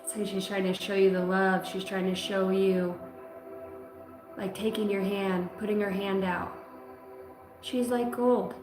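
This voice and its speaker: A woman giving a live psychic reading, talking emotionally in halting phrases that break off mid-sentence. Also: medium pitch, level tone. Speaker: psychic reader. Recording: roomy sound with music behind.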